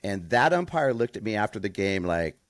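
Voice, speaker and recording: A man co-hosting a podcast and chatting casually, a softball coach telling stories and acting out what people said. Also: on the low side, a little fast, no echo, studio quality. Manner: storytelling, calm, quotes people in voices.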